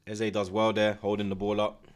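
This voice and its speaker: A man, hosting a live football watchalong, chatting in heavy street slang with the viewers and shouting at big chances. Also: on the low side, completely flat delivery, normal speed, a little hiss or hum.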